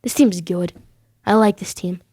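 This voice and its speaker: A woman's voice: mid-range voice, steady tone, a little slow, mellow, husky, no echo, studio quality. A woman hosting a sports podcast, making emphatic picks and repeating her points for stress. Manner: bold predictions addressed to viewers. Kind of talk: solo sports commentary.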